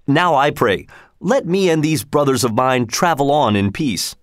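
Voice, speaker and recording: A man's voice: animated, unhurried, no echo, natural voice. Man doing proud king in disguise, storybook, stern, dignified, dry close sound. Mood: indignant. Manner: stern, indignant, raised pitch. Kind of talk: storybook reading.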